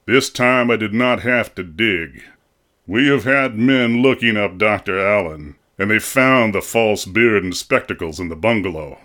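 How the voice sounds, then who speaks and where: A man voicing a grave, implacable older doctor in an audiobook, speaking slowly and solemnly. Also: on the low side, expressive, pushed and bright. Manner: slow, solemn and measured, accusing. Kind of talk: audiobook character reading.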